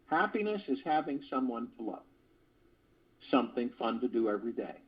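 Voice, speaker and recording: The host of a spiritual call, a man with a mid-range, slightly husky and breathy voice, reads an earnest spiritual talk to callers and adds playful asides. It's captured over a conference phone line, sounding dull and lo-fi.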